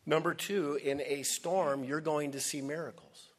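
Slow, emphatic preaching man. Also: a little high, fairly even intonation. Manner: emphatic, dramatic pauses, drops to a hush. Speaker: pastor. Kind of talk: sermon.

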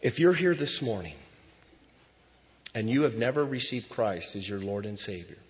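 A man preaching a sermon as pastor in a church, moving between hushed lines and loud cries. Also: fairly low pitch, lively intonation, moderate pace. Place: church sanctuary. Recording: dull sound with long hall reverb.

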